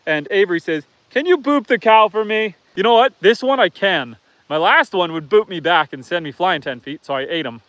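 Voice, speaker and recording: A man hosts a laid-back farm live stream outside, chatting with viewers, reading their comments out loud, and calling his animals. His high-pitched voice is animated and fairly quick. The recording is muffled, with no echo.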